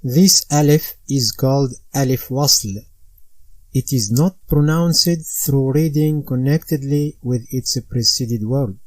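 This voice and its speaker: Slow, methodical male recitation teacher. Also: medium pitch, a little mellow, dry recording. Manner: methodical, spells out letters and vowel marks one by one. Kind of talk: slow step-by-step instruction.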